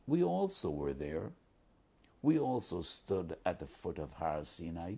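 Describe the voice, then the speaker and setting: Rabbi, male, low husky voice with gravel, earnest Torah sermon, emphatic delivery. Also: wildly swooping pitch, a little slow, warm tone. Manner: earnest, emphatic, mixes Hebrew quotes into English. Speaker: rabbi teaching the weekly Torah portion.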